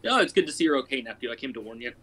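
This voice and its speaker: A man voicing a clumsy male dwarf druid who speaks in a plain, low-key way. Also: sing-song, very fast, a bit bright. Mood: relieved.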